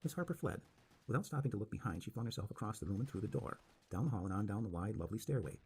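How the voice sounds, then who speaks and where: A man reading a spooky story aloud with dramatic, expressive narration. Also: fairly low pitch, very fast, breathy edge.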